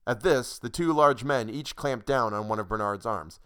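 A man narrating a short story in a measured, dry reading voice. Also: mid-range voice, fairly bright tone, smooth.

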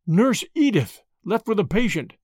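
A man reading the part of an impulsive, agitated young American man who speaks in an excitable way. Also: sits high, moderate pace, no echo, clean studio sound, pitched above the performer's own voice. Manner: excitable, gloomy. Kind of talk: audiobook character reading.

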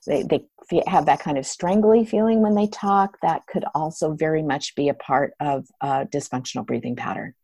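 A middle-aged woman, a yoga therapist, explaining breathing work in a relaxed interview, with many restarts and fillers. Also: deep voice, moderate pace, vocal fry, few pauses, no echo. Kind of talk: conversational interview.

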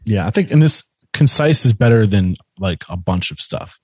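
A man's voice: fairly low pitch, expressive, normal speed, a little mellow, no room sound. Man hosting a webinar, dry close sound. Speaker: podcast and webinar host. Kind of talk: hosted webinar conversation.

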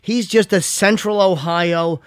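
A man hosting a sports podcast, chatting casually in a rambling, profane, animated way. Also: sits high, unhurried, clean tone, no echo, clean studio sound. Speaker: podcast host.

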